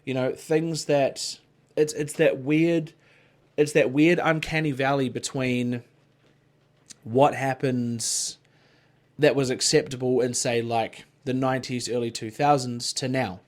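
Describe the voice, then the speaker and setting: A man talking loosely on a podcast, mid-pitched and rambling. He swears freely and leans on "like" and "you know" while he chats. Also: little pitch movement, unhurried. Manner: rambling, swears freely, frequent filler words. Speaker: podcast co-host. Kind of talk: casual chat.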